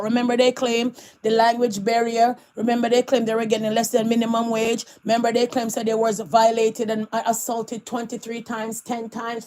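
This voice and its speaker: A woman dishes celebrity gossip on her vlog. Her voice sits a little high, and she talks with a sassy edge, laughing often between remarks. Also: a little mellow. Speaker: vlogger.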